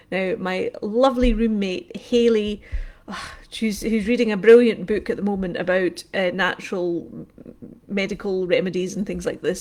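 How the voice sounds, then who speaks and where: A woman hosting a casual craft livestream from home, rambling from topic to topic, laughing often and greeting viewers by name. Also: medium pitch. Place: indoors at home.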